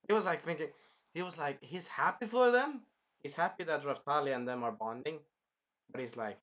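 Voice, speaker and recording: A man hosting a casual anime review, rambling and animated, swearing freely as he recaps an episode. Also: fairly high pitch, moderate pace. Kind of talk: casual chat.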